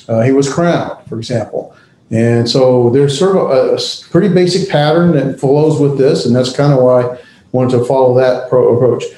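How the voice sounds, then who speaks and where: A man teaching a class, speaking haltingly with many pauses and restarts. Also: mid-range voice, mellow, echoey room, a little hiss or hum, low-quality recording. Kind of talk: classroom lecture.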